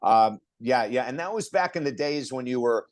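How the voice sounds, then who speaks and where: An older man, a podcast guest, telling stories in an animated way, often restarting his sentences. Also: medium pitch, moderate pace. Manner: animated storyteller with frequent restarts. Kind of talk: storytelling in a podcast interview.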